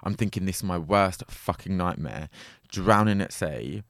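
A man's voice: deep voice, animated, normal speed, no room sound, studio quality. A man casually telling a long story, rambling with lots of fillers and frequent swearing.

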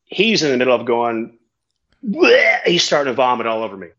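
A man's voice: mid-range voice, expressive, fast talker, a bit bright, highs cut off. A man, a tandem skydiving instructor telling a story in a casual, rambling chat and swearing freely.

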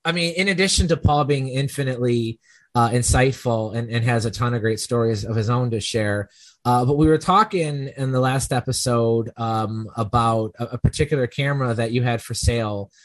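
A man hosts a relaxed podcast from a home setup. His voice sits in a middle register, and it is recorded dry and close, with almost no room sound. He talks in loose, rambling stretches and circles back to fix what he said. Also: mid-range voice, moderate pace, dry recording. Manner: rambling, self-correcting storyteller. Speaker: podcast host. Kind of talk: casual podcast chat.

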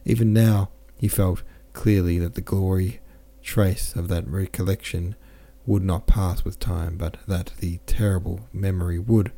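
Low, mellow male narrator. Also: steady tone, a little slow, few pauses. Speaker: audiobook narrator. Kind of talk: scripted narration.

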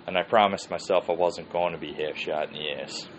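A deep-voiced man with a steady tone talks briskly as host of a podcast, laughing often as he rambles through a casual, swear-filled story. The audio is lo-fi and dull with faint hiss.

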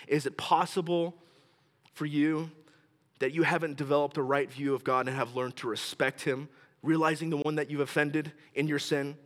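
A male pastor preaching a sermon, emphatic, repeating key phrases and dropping quiet and slow to stress a point. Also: on the high side, big-room sound.

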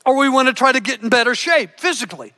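A man's voice: very high-pitched, expressive, fast, sharp tone. A middle-aged man preaching a sermon as pastor, fervent and restarting his words often. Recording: church hall with long reverb.

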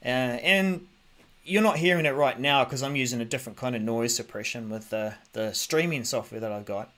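A man's voice: mid-range voice, a little fast, bright, forceful tone. Male podcast host, easygoing tech rundown into a desk mic, loose and full of ums. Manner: chatty, many ums and restarts, thinks aloud. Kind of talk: casual tech news commentary.

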